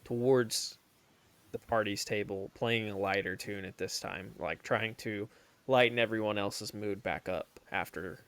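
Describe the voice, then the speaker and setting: A man playing a bard in a tabletop game. He speaks slowly and deliberately, in a low, gravelly voice. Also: fairly bright tone. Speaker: player.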